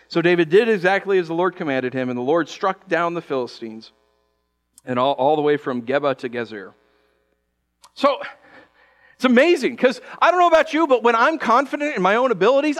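A man preaching a sermon as pastor, conversational and animated, acting out quick quoted voices. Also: a little high.

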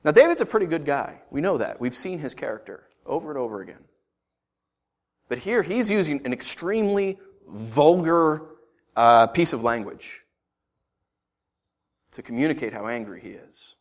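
A man preaching a sermon as pastor. He talks in a conversational, joking way and swings from quiet asides to loud emphasis. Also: on the high side, big pitch swings, moderate pace, long pauses.

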